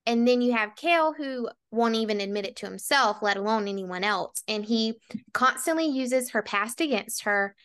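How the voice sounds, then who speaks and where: Woman podcast co-host, higher voice, chatty and opinionated. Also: moderate pace, fairly bright tone, clear, resonant tone. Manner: opinionated, frequent "like" fillers. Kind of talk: casual book discussion.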